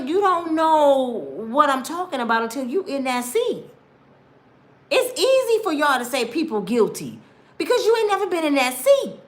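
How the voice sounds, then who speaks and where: This is a high, sharp-toned woman's voice. She's in her fifties, passionately narrating her own experiences in a forceful, sermon-like way, speaking directly to listeners and performing other people's lines in quotes.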